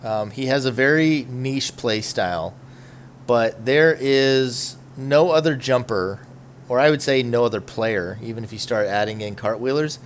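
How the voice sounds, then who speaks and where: A man hosts a casual esports podcast, chatting in a rambling, opinionated way. His voice is medium-pitched and measured in pace, with a little hiss or hum on the recording.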